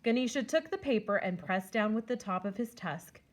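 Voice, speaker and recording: A woman on a school's staff reading a children's picture book aloud with expressive storytelling. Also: medium pitch, moderate pace.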